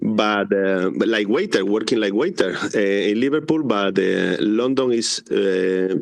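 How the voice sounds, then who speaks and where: A man's voice: on the low side, gravelly. A man from Spain in his thirties, speaking English with a Spanish accent, full of restarts, as the guest artist in a live interview. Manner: halting non-native English with many restarts.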